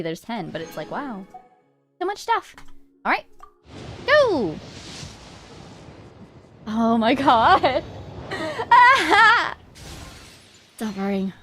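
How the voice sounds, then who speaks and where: A woman streaming a game, commenting in an excitable, gushing way with frequent laughter and squeals. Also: high-pitched. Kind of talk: gameplay livestream commentary.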